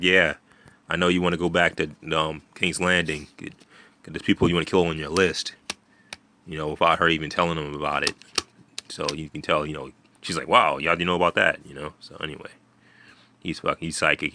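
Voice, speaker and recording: A man's voice: extremely low pitch, bright, forceful tone, dry recording. A man casually recapping a TV episode in a rambling way, with many fillers, restarts and swearing. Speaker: video host.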